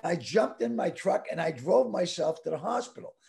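A man in his sixties telling a story loudly and crudely, with lots of animated outbursts. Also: high voice, moderate pace, gravelly. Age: 60s. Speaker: guest comedian. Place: home.

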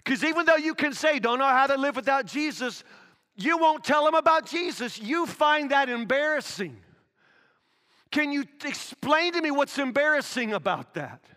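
A man's voice: very high voice, bright, forceful tone, big-room sound. A man pastor preaching a sermon, telling a story and then pressing his point with emphatic questions. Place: church sanctuary.

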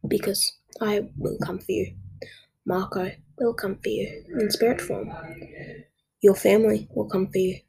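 A woman does a menacing man in a homemade horror story, his warnings low and hushed, some of them barely more than a breath. The delivery is slow and deliberate, threatening rather than loud. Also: fairly even intonation, gravelly, slightly rough, full character voice, poor audio. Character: menacing man who captured the teller.

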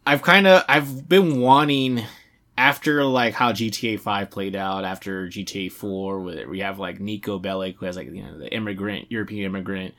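Rambling man with a low voice. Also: normal speed. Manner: rambling, heavy use of "like", animated. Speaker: podcast co-host. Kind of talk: casual chat about video games.

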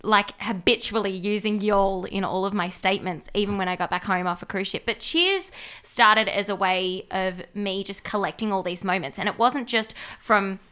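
A young Australian woman, a singer-songwriter guest, telling stories in a bubbly, animated way during a casual radio interview. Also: mid-range voice, normal speed, clear, resonant tone.

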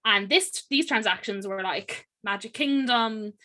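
A young woman with an Irish accent tells a story in easy conversation. Her voice is bright and forward, sitting mid-range for a woman. She talks loosely, with plenty of "like" and little restarts. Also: mid-range voice, a little slow. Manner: chatty, animated retelling full of fillers and "like". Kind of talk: casual storytelling.

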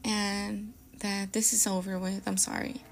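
A woman's voice: medium pitch, flat delivery, measured pace, creaky. A woman voicing a pushy young ex-boyfriend who talks in an offhand, casual way.

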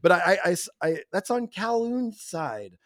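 A man's voice: high voice, sing-song, normal speed, no room sound, studio quality. A man co-hosting a film podcast, telling stories with enthusiasm and mimicking people. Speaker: podcast co-host. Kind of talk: casual film discussion.

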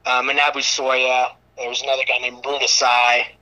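A man's voice: mid-range voice, completely flat delivery, moderate pace, sharp tone, low-quality recording. A man in his thirties, a wrestler guest, telling stories in loose casual chat with casual swearing.

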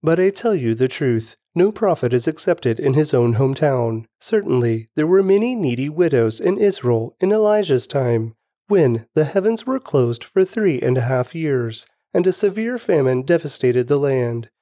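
A man reading aloud, voicing a calm male teacher who speaks with authority. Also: fairly high pitch, moderate pace, dry recording, clean studio sound, close to an everyday voice. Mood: teaching.

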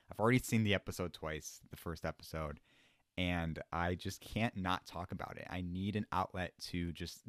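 A young man hosting a solo podcast, rambling in an excited, self-deprecating way. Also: fairly low pitch, no echo, studio quality. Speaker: podcast host.

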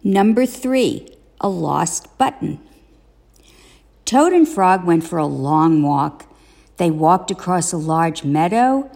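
Slow expressive woman reading aloud. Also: fairly low pitch, gravelly, in a large hall. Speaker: parent reading to children. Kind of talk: storybook read-aloud.

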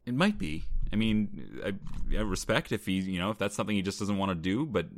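A man's voice: fairly low pitch, sing-song, brisk. A young man co-hosting a podcast, recapping a movie in casual chat with wry humor and frequent laughs. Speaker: podcast co-host.

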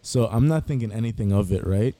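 A man's voice: on the low side, animated, brisk, warm tone, no echo. A young man telling rambling work stories in casual chat with friends, full of slang and laughter. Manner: laid-back, rambling, New York slang. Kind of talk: casual storytelling among friends.

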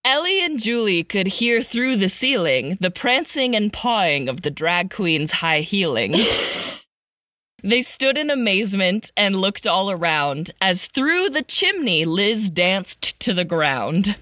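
A woman's voice: medium pitch, very animated, takes it slowly, bright, forceful tone, dry recording, studio quality. A woman co-hosting a podcast, reciting a comic holiday poem and chatting, often breaking into giggles. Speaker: podcast co-host.

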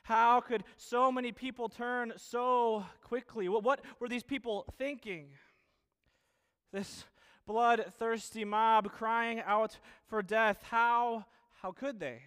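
A man preaching a sermon, earnest, asking the same questions again and again with pauses and restarts. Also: very high voice, fairly even intonation, fairly bright tone, clean tone.

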